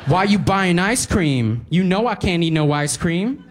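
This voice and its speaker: Casting: bratty high-pitched teen girl with braces, done by a male comedian, slangy and scolding. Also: lively intonation, unhurried, a little hiss or hum. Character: sassy teenage girl cashier with braces.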